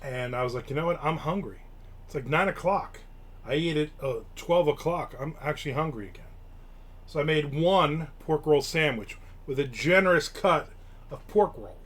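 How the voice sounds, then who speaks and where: A man's voice: on the high side, lively intonation, moderate pace, fairly bright tone. A man from Newark, hosting a live stream and telling rambling, casual stories with offhand swearing. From Newark, New Jersey. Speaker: show host.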